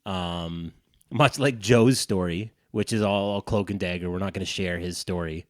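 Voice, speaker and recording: A man co-hosting a podcast, telling an animated, profane story in casual chat. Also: deep voice, moderate pace, no room sound, clean studio sound. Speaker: podcast co-host.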